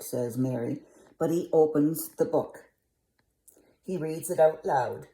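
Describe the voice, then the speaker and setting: A woman's voice: extremely low pitch, slow, vocal fry, warm tone. An older woman reading a picture book aloud to children, coaxing and asking the listener questions. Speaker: storyteller.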